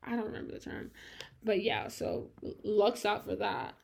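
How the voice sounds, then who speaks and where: A woman's voice: mid-range voice, moderate pace, gravelly, a little mellow. A young woman hosting her own podcast, talking casually at home in a rambling, upbeat way, full of "like" and "um.". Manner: rambling, filler-heavy, chatty and upbeat. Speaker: podcast host. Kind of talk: casual solo chat.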